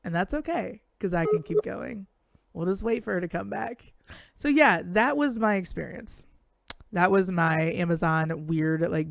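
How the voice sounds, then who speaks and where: A young woman with a lowish, creaky voice co-hosts a live stream over a video call, with no echo. In casual live-stream chat, she tells rambling stories bluntly and swears plenty.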